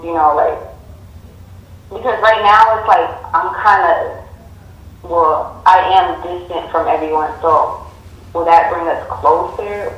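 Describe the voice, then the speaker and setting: Female client at a reading, halting and unsure, booming room echo. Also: highs cut off. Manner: halting, searches for words. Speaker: tarot client. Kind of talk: casual chat. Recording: very echoey room.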